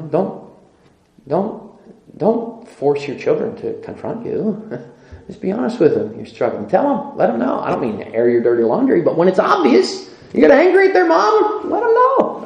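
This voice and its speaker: A man's voice: fairly high pitch, wildly swooping pitch, normal speed, gravelly, a little mellow, dull audio. Man, middle-aged, preaching, emphatic, repeats himself, laughs a lot, reverberant room. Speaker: pastor. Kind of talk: sermon. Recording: echoey room.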